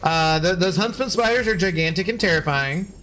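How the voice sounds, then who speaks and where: A man's voice: sits high, a little fast, fairly bright tone, slight background noise. A man streaming a game and chatting casually with his viewers, joking, sarcastic and swearing freely. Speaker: gaming streamer reading chat. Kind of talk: casual live-stream chat.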